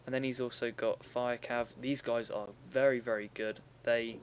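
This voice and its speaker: Under a faint ambient hum, a young man with an everyday middle-pitched voice and level tone walks through a strategy game battle replay at normal speed. His casual gameplay commentary is chatty and loose, and he often pauses to correct himself.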